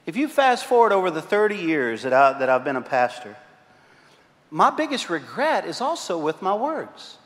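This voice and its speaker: A man's voice: fairly high pitch, very animated, normal speed, fairly bright tone. A man preaching a sermon as pastor, telling self-mocking, humorous stories to his congregation. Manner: joking, self-mocking storyteller. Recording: long hall reverb.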